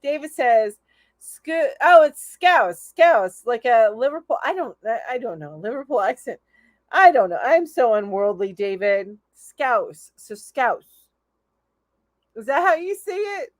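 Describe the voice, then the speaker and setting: A woman's voice: a little high, big pitch swings, normal speed, no room sound. A woman hosting a casual live stream, chatty and enthusiastic, reading out viewer comments and laughing often. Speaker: host of a live crochet chat show.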